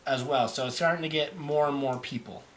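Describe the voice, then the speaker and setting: A man narrating as game master over online voice chat, halting and restarting often. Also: mid-range voice. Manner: halting, many restarts and fillers.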